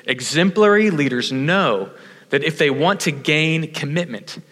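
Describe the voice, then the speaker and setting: Bright-voiced male pastor telling a sermon story. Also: a little high, a little slow, in a large hall. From Houston, Texas. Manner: animated storyteller, acts out quoted voices, self-deprecating.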